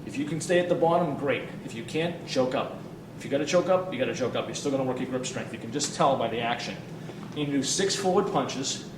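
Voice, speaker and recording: A man demonstrating warm-up drills as a fitness coach, talking with energy and counting reps as he exercises, sometimes out of breath. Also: medium pitch, quick pace, hardly any pauses. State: out of breath at times. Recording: roomy, distant mic with ambient noise.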